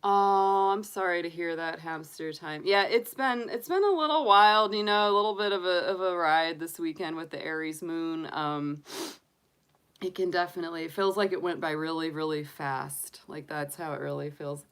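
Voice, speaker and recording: A woman hosting a casual livestream, talking softly and fondly with lots of fillers, sniffly and congested from allergies. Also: fairly low pitch, moderate pace, clean tone. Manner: soft, doting, chatty with frequent fillers. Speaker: tarot reader and livestream host.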